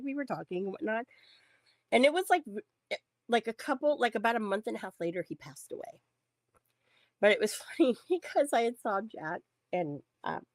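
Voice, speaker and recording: Animated swearing woman telling stories. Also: medium pitch, dry recording. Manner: animated, swears freely, acts out quotes. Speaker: podcast co-host. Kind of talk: casual storytelling with profanity.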